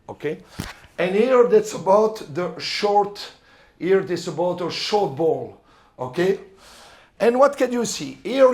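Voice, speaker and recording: Man, middle-aged, french accent, high voice, coach's lecture, halting, lots of fillers. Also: darkish tone. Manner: halting, searches for words, frequent fillers. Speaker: volleyball coach giving a seminar talk.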